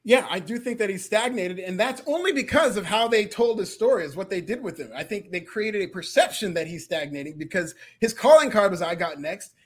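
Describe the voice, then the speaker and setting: A man's voice: sits high, brisk, few pauses, husky. A man co-hosting a podcast, chatting animatedly and joking. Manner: animated, joking, laughs often. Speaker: podcast co-host. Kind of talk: casual wrestling chat.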